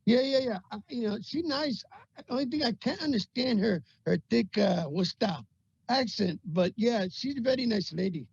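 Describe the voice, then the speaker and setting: A man co-hosting a video call with comedic banter, talking in halting bursts and repeating his words. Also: very high voice, animated, creaky, darkish tone, slightly rough, dry recording. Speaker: co-host. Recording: dull lo-fi video call audio.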